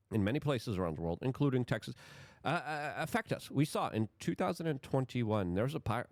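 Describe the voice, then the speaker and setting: Sarcastic guy ranting about politics, voice all over the place, lowish, dry close sound. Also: dry recording. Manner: sarcastic, animated, repetitive restarts. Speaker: commentator. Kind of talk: political commentary.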